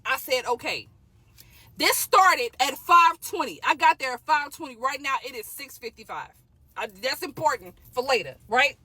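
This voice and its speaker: A woman's voice: high voice, bright, forceful tone, no echo. A young woman venting an exasperated, dramatic dating storytime in a casual monologue.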